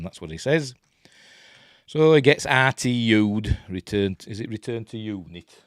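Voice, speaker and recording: Chatty Yorkshire man, lively pitch. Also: moderate pace, dry recording, clean studio sound. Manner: rambling, chatty, self-interrupting. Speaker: host. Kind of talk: casual live film commentary. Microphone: webcam.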